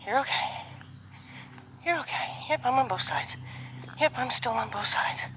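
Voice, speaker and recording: A horse trainer speaking outdoors, softly reassuring a nervous horse over and over and now and then explaining her training to the camera. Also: fairly high pitch, lively intonation, normal speed, a little hiss or hum. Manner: soft, reassuring repetition to a horse.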